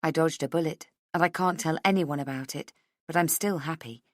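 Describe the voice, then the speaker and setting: A woman's voice: low voice, a little fast, no room sound, clean studio sound. A woman reading a thriller audiobook in first person, with a tense, anxious inner voice. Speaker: audiobook narrator. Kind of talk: scripted first-person narration.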